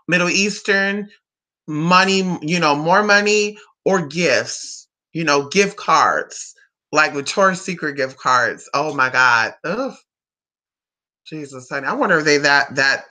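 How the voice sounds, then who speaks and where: Bright-voiced woman gossiping casually. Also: deep voice. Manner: chatty gossiping, drawn-out "honey" and "girl" asides. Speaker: vlogger. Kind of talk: casual chat to camera.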